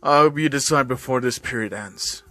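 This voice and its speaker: A man voicing a tired, lazy male teacher who talks bluntly in a low, quiet tone. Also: moderate pace, no echo, faint music behind, lightly acted. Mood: bored.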